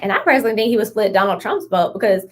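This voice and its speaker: A woman's voice: mid-range voice, expressive, very fast, slight background noise. A young woman co-hosting a podcast, talking in a blunt, emphatic, slangy way. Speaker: podcast co-host. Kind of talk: casual chat.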